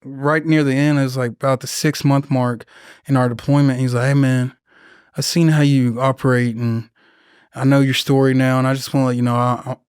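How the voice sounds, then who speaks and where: Profane Marine vet telling stories. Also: male voice, mid-range voice, little pitch movement, brisk, a little mellow, smooth, no room sound, studio quality. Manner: profane, rambling war stories with acted-out quotes. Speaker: podcast guest, Marine veteran. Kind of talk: casual storytelling interview.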